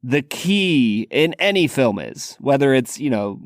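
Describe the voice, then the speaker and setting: Relaxed man telling a podcast story. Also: mid-range voice, a little slow, no room sound, clean studio sound. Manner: relaxed storyteller, many "like" fillers. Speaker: podcast co-host. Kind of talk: casual podcast chat.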